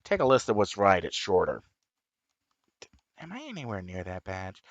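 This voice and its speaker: Lively low-voiced man rambling while gaming. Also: normal speed, pauses often, no echo. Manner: rambling, with sudden high excited whoops. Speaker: gaming streamer. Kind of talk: casual chat while playing.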